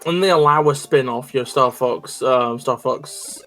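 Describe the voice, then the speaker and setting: A man's voice: mid-range voice, unhurried, a bit bright, soft background music. A man co-hosting a game stream, chatting casually with joking, profane, rambling riffs. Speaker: stream co-host. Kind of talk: casual chat while gaming.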